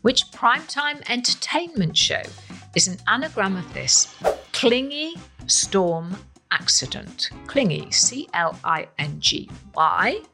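A woman's voice: medium pitch, slow, creaky, soft background music. A woman hosting a quiz podcast, playful and emphatic in a scripted read. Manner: playful, emphatic, lively delivery. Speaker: quiz host.

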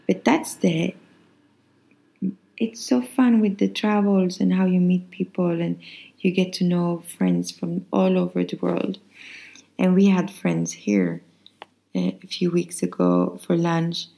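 A woman's voice: on the low side, creaky, dark tone, poor audio. A Swedish-accented woman hosting a podcast, telling rambling anecdotes in a casual, chatty way with frequent restarts. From Sweden. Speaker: podcast host. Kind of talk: casual monologue.

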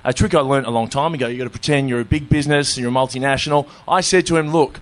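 A man's voice: medium pitch, racing. A man with an Australian accent, telling a long funny story in casual chat, often laughing at his own tale. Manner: laid-back, laughing, self-mocking anecdotes. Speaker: comedian guest telling a story.

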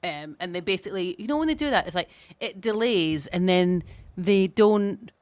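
A Scottish woman co-hosting a podcast, telling stories in relaxed casual chat. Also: lowish voice, normal speed. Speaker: podcast co-host.

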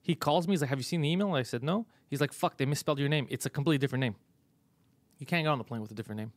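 A man's voice: medium pitch, rapid-fire, no echo. A man hosting a comedy podcast, telling a frustrating story in a profane, exasperated way with frequent laughs. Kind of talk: casual chat, storytelling.

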